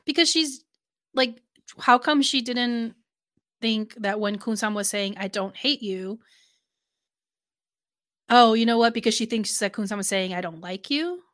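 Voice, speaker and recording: A woman's voice: a little high, a little slow, pauses often, fairly bright tone, no echo, studio quality. A woman co-hosting a show recap, chatty and laughing often, with many fillers. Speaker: podcast co-host. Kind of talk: casual recap chat.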